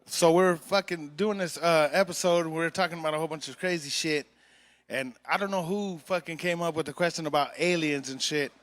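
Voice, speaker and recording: A man's voice: on the high side, a little fast, a bit bright, no echo, studio quality. A man guesting on a podcast, telling laid-back stories in casual chat full of slang and swearing.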